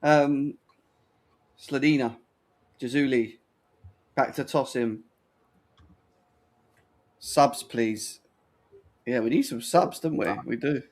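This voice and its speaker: A man hosting a live football watch-along, commentating play by play, excitable and quick to swear. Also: mid-range voice. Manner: excitable, laughs a lot, swears.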